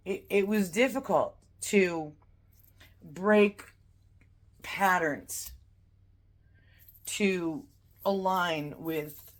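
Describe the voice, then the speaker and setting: As a card-reading vlogger, a woman delivers a heartfelt spiritual morning talk, gently guiding the listener through breathing. Her voice sits low.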